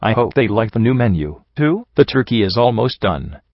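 A cheerfully deranged male ghoul cook with a chipper, sing-song lilt that climbs high, as a man reads him in an audiobook. His tone sits low and plain underneath. The sound is dull and dry. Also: sing-song, moderate pace, no room sound.

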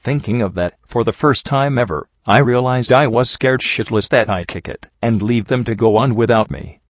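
Man narrating a first-person story, fairly low voice, dry close sound, slightly muffled, even understated reading. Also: no echo. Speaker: audiobook narrator.

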